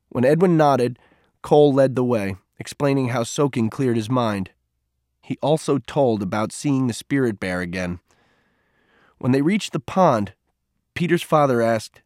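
A man narrating a story aloud in a steady, even reading voice. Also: mid-range voice, moderate pace, no echo, clean studio sound. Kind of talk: audiobook narration.

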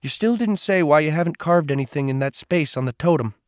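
A man's voice: on the high side, expressive, a little fast, darkish tone, dry recording, clean studio sound, voice pushed up, natural voice. A man voicing an older male mentor who presses questions persistently. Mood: probing.

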